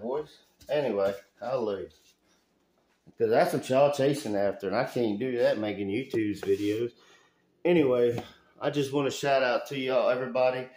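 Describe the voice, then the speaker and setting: A man from Alabama rambles through a casual work vlog, folksy and loose, now and then breaking into a loud rant. His voice sits at an ordinary middle pitch, and it rings off the bare walls of an echoey room in a house still being renovated. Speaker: handyman vlogger. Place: house under renovation, indoors.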